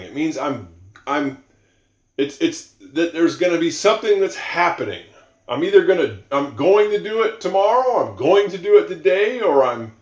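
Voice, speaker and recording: A man teaching English to learners, going slowly and repeating example sentences, with musing asides. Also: fairly high pitch, echoey room.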